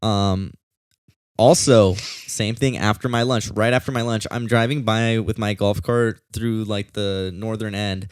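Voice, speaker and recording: A man's voice: on the low side, steady tone, unhurried, clear, resonant tone, dry recording, studio quality. A young man, a security guard, casually telling a story in a rambling way, full of fillers and acted-out quotes.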